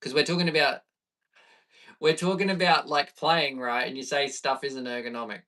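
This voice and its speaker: An Australian man in his thirties, a bass player chatting easygoing with viewers on a live stream. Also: fairly even intonation, normal speed, pushed and bright, far from the mic. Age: 30s. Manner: chatty and easygoing, reading viewer questions aloud.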